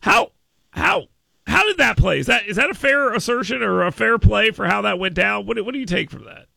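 High, gravelly, jokey radio host. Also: male voice, fairly quick, no room sound. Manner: jokey, laughing, animated, lots of restarts. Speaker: radio talk show host. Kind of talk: casual political talk radio.

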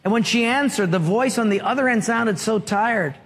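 This sermon comes from a male pastor whose high voice is fairly bright and husky, delivered at normal speed. The large hall gives a long reverb, and he poses rhetorical questions that get the congregation calling back.

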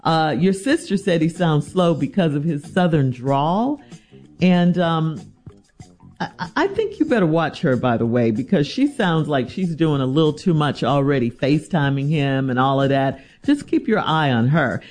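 A woman's voice: low voice, expressive, moderate pace, a little mellow, faint music behind. A woman hosting a radio advice show, reading a listener's letter and giving blunt, teasing advice.

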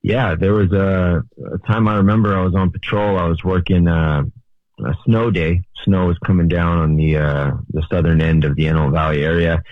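A man, a highway patrol officer, answering questions as a radio interview guest, with many ums and uhs. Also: flat delivery, moderate pace, no room sound. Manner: hesitant, many fillers. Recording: tinny phone line.

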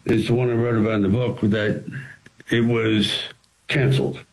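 A man, an actor and screenwriter, telling studio stories as an interview guest in an animated way, with frequent restarts. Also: on the low side, moderate pace, gravelly, low-quality recording. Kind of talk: anecdotal storytelling.

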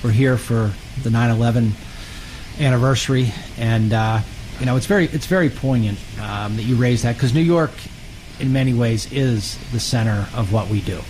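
A man gives measured, earnest answers in an interview, pausing now and then. His pitch is mid-range for a man. Faint noise sits behind him. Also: a little mellow, low-quality recording. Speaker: government official being interviewed.

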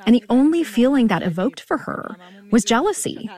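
A woman reporter speaking as a correspondent in a radio news interview, recounting events in a measured, calm way. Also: fairly high pitch.

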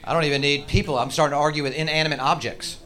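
A man's voice: fairly high pitch, steady tone, racing, a bit bright. A middle-aged man doing profane, ranting, self-mocking stand-up comedy in a live club set. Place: comedy stage.

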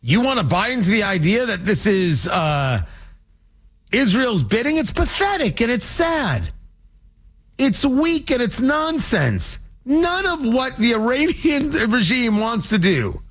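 A man's voice: very high voice, big pitch swings, unhurried, fairly bright tone. Guy doing a political rant, sarcastic, voice jumps all over the place. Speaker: political commentator. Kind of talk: opinionated political monologue.

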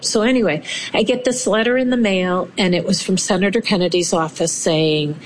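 Animated woman telling her own story. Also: medium pitch, normal speed, slight background noise, low-quality recording. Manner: animated, acts out quoted voices. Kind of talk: personal storytelling.

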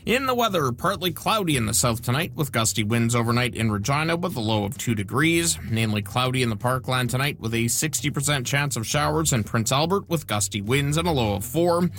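A man reading radio news headlines and the weather in a steady, clipped broadcast delivery. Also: medium pitch, a little fast, hardly any pauses. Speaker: radio newsreader.

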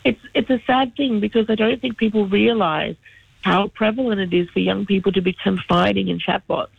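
High gravelly guy on a tinny phone line, dry close sound, chatty and opinionated. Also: normal speed, dry recording. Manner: fluent, opinionated, explanatory. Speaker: regular radio contributor. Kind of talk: casual radio chat by phone.

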